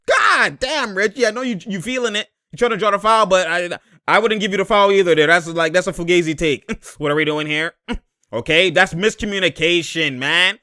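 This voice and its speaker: A man giving a casual breakdown of basketball footage, animated and often laughing, using street slang and coaching the players aloud. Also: sits high, normal speed, no echo, studio quality. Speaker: basketball commentator.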